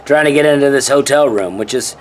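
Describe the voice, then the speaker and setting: A man's voice: mid-range voice, fairly quick. A man and touring comedian talking offhandedly and rambling in a casual vlog as he walks outdoors through a city. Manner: offhand and rambling, self-mocking. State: out of breath. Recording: street noise behind. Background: traffic and city noise.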